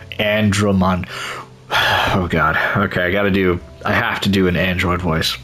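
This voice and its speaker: In a fairly low but slightly bright voice, a man hosts a gaming channel let's play, commenting on the game as he rambles, frequently restarting and laughing.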